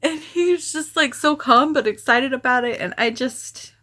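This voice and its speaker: A woman vlogger rambling casually, often sighing and restarting her sentences, speaking softly and sometimes trailing into a whisper. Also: high-pitched, normal speed. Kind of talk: casual rambling vlog chat.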